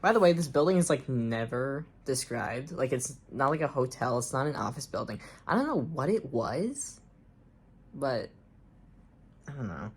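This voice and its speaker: A woman's voice: very deep voice, very animated, moderate pace, breathy edge. A young woman reading aloud a story she wrote as a child, breaking in with sarcastic comments and frequent ums. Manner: sarcastic asides, frequent ums and uncertain trailing off. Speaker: reader and commentator.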